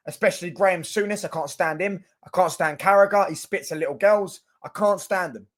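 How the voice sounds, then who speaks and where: Young fan vlogger, slightly high voice, ranting, repetitive, sweary. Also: male voice, brisk, few pauses. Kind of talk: casual ranting commentary.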